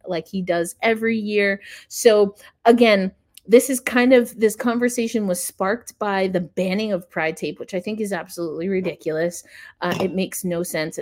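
A woman hosting a sports podcast from a friend's house, talking casually and sarcastically, with frequent restarts. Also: medium pitch. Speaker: podcast host.

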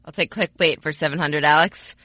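A woman's voice: low voice, steady tone, a little fast, very noisy. A woman co-hosting a sports podcast, chatting casually with wry, sarcastic quips. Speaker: podcast co-host.

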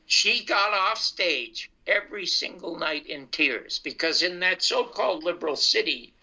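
Older male storyteller, very bright and fairly high voice, lo-fi sound. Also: a little slow. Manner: animated anecdotal, acts out dialogue. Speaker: comedian telling his life story. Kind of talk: casual storytelling. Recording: dull lo-fi sound.

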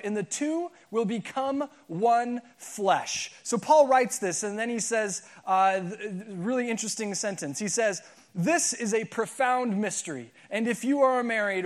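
A young adult man, a pastor, giving a casual, joking sermon with many asides to the congregation. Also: sits high. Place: church auditorium.

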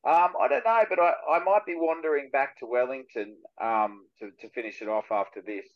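A man's voice: medium pitch, brisk, dull audio. A man in his forties with an Australian accent, an actor guest chatting on a radio show and acting out the voices in his stories. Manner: animated storyteller who acts out quoted voices. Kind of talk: casual radio chat.

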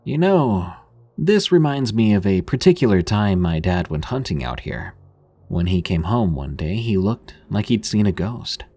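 Guy doing earnest young camper warning his friends, kinda husky. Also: fairly low pitch, very animated, a little slow, dark tone, full character voice. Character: young man telling a spooky hunting tale.

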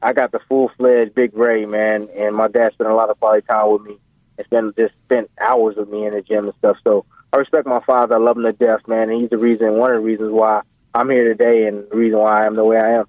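Male phone-in guest, rambling storyteller, flat dry phone sound. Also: fairly low pitch, quick pace, no room sound. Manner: animated, rambling, full of fillers. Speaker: guest, professional boxer. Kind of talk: casual storytelling interview. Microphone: phone call. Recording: tinny phone line.

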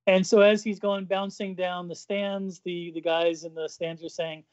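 A man's voice: high voice, little pitch movement, normal speed, few pauses, darkish tone, clear, resonant tone, dull audio. A man co-hosting a casual chat, recounting a comic panel by panel and doing the characters' lines and sound effects. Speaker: podcast co-host.

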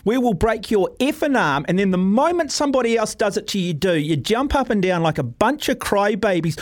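A combative middle-aged radio host, his voice pitched notably high for a man. He argues hotly with a caller, throws sarcastic jabs and keeps cutting in with the caller's name. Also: expressive, a little fast, hardly any pauses. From New Zealand. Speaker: radio talk show host. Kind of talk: heated talkback argument.

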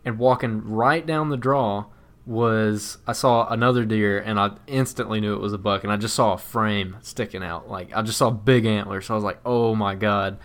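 A man co-hosting a podcast, telling a hunting story in a plain, steady way with sudden excited bursts. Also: lowish voice, moderate pace. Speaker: podcast co-host.

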